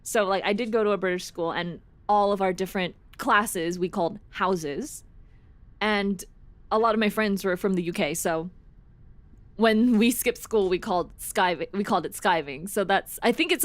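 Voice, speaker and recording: A young American woman streams from home on a desk microphone, chatting casually in a rambling way, restarting sentences and giggling often. Her voice is medium in pitch at a normal speed, and the recording is dry.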